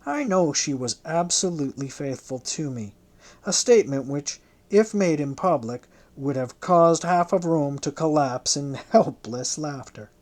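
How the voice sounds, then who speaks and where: An audiobook narrator reading a historical novel in the first person, in a measured, literary way. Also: mid-range voice, expressive, darkish tone.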